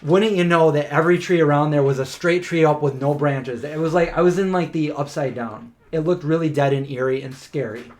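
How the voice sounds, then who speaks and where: Brief: male co-host, slightly higher voice, animated casual storyteller, loose and chatty. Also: a little fast, hardly any pauses. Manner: animated, chatty, many "like" fillers. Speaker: co-host of a live Q&A stream.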